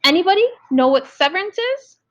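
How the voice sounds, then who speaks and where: A woman's voice: very high-pitched, big pitch swings, a little fast, fairly bright tone, highs cut off, pitched above the performer's own voice, heavily acted. A woman voicing a stern, hot-tempered middle-aged male prison warden who lectures and scolds.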